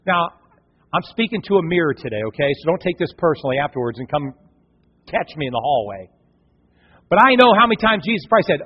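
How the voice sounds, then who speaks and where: A man preaching a sermon as pastor in a church, animated and acting out the voices he quotes. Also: high voice, brisk, slightly rough. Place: church sanctuary. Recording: long hall reverb, dull lo-fi sound.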